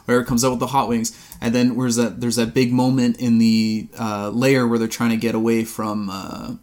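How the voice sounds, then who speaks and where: Laughing, rambling podcast co-host. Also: male voice, medium pitch, flat delivery, normal speed, a little mellow. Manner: laughing, rambling, swears freely. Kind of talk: casual movie review chat.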